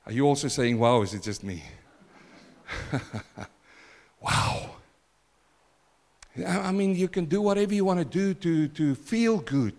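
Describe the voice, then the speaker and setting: A middle-aged male pastor giving an emphatic sermon, swinging between loud exclaims and quiet asides and calling for congregation responses. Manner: emphatic preaching with wide swings in loudness and pitch.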